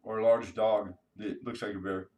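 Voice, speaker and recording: Laid-back low-voiced man, slightly distant. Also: little pitch movement, normal speed, a little mellow, a little hiss or hum. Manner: laid-back and slangy, chatting to viewers. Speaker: coin-collecting live-stream host. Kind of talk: casual live-stream chat.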